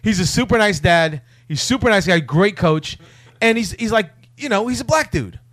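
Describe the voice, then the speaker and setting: A high, bright-voiced man cohosting a loose, crude podcast. He spins long anecdotes with lively impressions of people, talking fast and loose. His voice sits well above most men's and has a bright ring to it. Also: no echo. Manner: animated storyteller, mimics voices. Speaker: podcast co-host. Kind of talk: casual crude banter.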